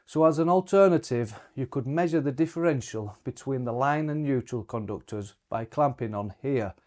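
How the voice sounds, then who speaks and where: A man's voice: medium pitch, normal speed, darkish tone. Wry man explaining a technical demo. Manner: dry, wry humour. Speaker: presenter. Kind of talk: scripted how-to narration.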